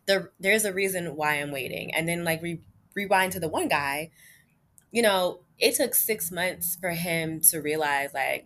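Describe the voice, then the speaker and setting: Frank female vlogger, low register with a bright edge, casual "like"-heavy delivery. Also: unhurried. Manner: chatty, frequent "like" and "you know", addresses viewers as "y'all"; frank and emphatic. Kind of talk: candid personal storytelling.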